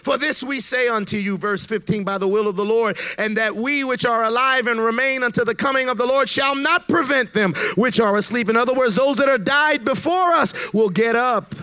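A man preaching a sermon, building from quiet explanation to shouted emphasis with call-and-response. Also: very high-pitched, fairly quick, hardly any pauses, clean tone.

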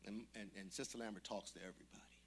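A man preaching a storytelling sermon, swinging from muttered asides to shouted preaching and acting out the voices of people in his story. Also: lowish voice, steady tone, very fast, slight background noise.

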